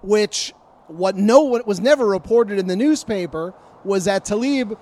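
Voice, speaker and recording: High-voiced guy telling a sports story on a podcast, gets animated quoting people. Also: measured pace. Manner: animated storyteller, acts out quoted arguments. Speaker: sports reporter recounting stories. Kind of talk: casual podcast chat.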